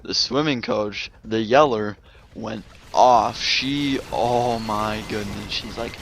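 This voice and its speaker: A man's voice: fairly low pitch, slow pace, vocal fry, fairly bright tone, soft background music. A man telling a casual storytime vlog, rambling with many fillers and restarts. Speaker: gaming vlogger.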